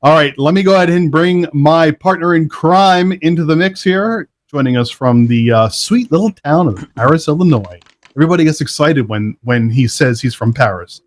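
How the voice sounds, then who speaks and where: A man's voice: a little high, lively intonation, moderate pace. A middle-aged man hosting a live internet talk show in a casual, upbeat, chatty way. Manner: upbeat, chatty, laughs often. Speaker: show host.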